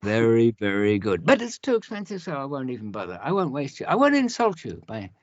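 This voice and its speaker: A man's voice: medium pitch, huge pitch swings, a little fast, no room sound, dull audio, pitched above the performer's own voice. Man putting on a cagey smuggler's voice. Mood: theatrical. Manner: feigned innocence, theatrical denials. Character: cagey, evasive male drug dealer, middle-aged.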